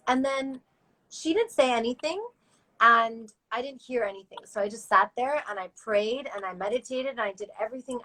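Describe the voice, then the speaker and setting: Bright-voiced woman telling her story. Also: fairly high pitch, rough recording. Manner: animated, acts out voices in quotes. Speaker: interview guest. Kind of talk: personal storytelling in an interview.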